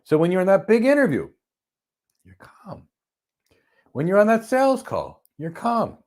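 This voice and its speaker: A man giving a motivational talk on stress, telling stories with emphatic bursts that drop to soft, calm lines. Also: high voice, a little fast. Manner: animated storyteller, swings from loud emphasis to soft calm. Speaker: host. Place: lives in Florida.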